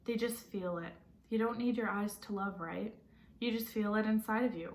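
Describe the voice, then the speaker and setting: A woman voicing a tired, gentle mother who comforts her son at night in a hushed, soft voice. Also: medium pitch, moderate pace, close to an everyday voice. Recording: roomy echo.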